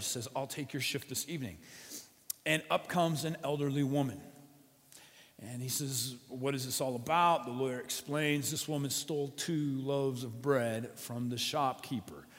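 A male pastor preaching a sermon through a story, with dramatic swings between quiet and loud. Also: fairly high pitch. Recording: long hall reverb.

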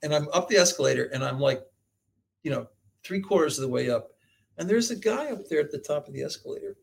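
A man's voice: on the high side, animated, fast talker, gravelly, breathy edge. A man talking as a guest professor on an interview show, telling stories animatedly and laughing often. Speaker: guest, medical school professor. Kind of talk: storytelling interview talk.

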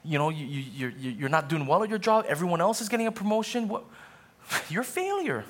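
A man's voice: high voice, big pitch swings, a little fast, a bit bright, pitched above the performer's own voice, full character voice. A man voicing a taunting male devil who mocks and needles with doubting questions. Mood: mocking.

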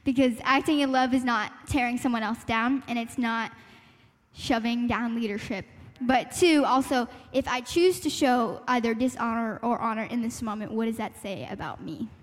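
A young woman with a high, bright-pitched voice speaks earnestly at a church youth meeting. She is reflective and thinks aloud, with little laughs and fillers. The sound carries a long hall reverb. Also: normal speed. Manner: reflective, laughs lightly, talks through her thoughts with fillers. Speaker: panel speaker sharing a testimony.

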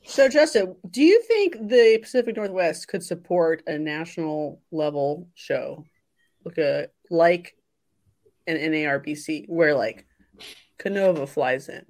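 A woman's voice: fairly low pitch, measured pace, a little mellow. Woman host teasing the guest, giggly, casual. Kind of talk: casual chat.

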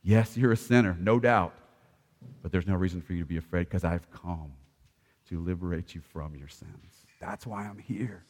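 A gentle, soft-spoken Jesus voiced by a male preacher mid-sermon comforts a frightened follower in hushed, tender tones. Long hall reverb hangs around each quiet word. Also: medium pitch, a little fast, few pauses, natural voice.

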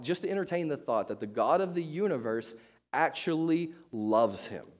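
A man's voice: medium pitch, darkish tone. Chatty, joking male pastor. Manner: chatty, self-deprecating, with many fillers and restarts. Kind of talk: casual sermon.

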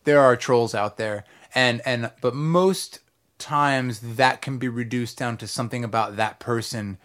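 A man's voice: mid-range voice, unhurried, a bit bright. A man hosting a podcast, chatting casually from a recording studio with a rambling, filler-heavy way of talking. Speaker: podcast host. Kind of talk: casual chat.

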